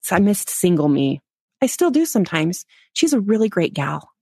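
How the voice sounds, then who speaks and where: A woman's voice: fairly low pitch, very animated, moderate pace, warm tone, breathy edge, no echo, clean studio sound. A woman speaking as a podcast guest, telling a personal story frankly, mocking herself and laughing often. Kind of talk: candid interview storytelling.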